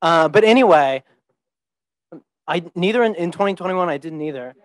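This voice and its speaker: A man's voice: a little high, expressive, moderate pace, no echo. A young man from the southern United States presenting to a class in an easygoing, self-deprecating way, with hesitant restarts. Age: young adult. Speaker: teaching fellow presenting.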